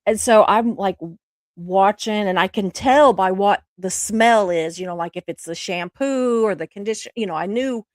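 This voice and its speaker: A woman's voice: mid-range voice, dry recording. A woman with a mid-range voice tells a long story at an easy pace, full of fillers and asides. The sound is close and dry, with no room around it. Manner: relaxed drawn-out storytelling with fillers. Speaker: co-host. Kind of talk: casual storytelling chat.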